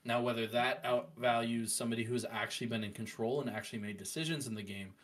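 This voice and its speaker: A man talks casually as a podcast co-host. His voice sits at an ordinary middle pitch. He is animated and opinionated, and his talk is loose and full of fillers. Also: quick pace. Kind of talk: casual chat.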